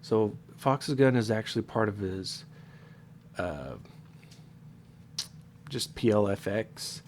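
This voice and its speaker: A man's voice: lowish voice, a little mellow, a little hiss or hum. A man with a stuffed-up, congested nose, casually walking viewers through a modding tutorial, explaining loosely with fillers and self-corrections. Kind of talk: casual screen-recorded tutorial.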